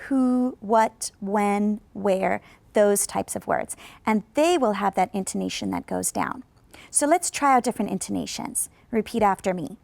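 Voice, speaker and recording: A woman teaches English in a scripted lesson, her fairly high voice carrying a gravelly edge. She speaks in a dry, close studio sound, coaxing viewers to answer and drawing model sentences out slowly for them to repeat. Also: no room sound. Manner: slow, carefully drawn-out model sentences for repetition; encouraging, coaxes replies from viewers. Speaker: ESL teacher.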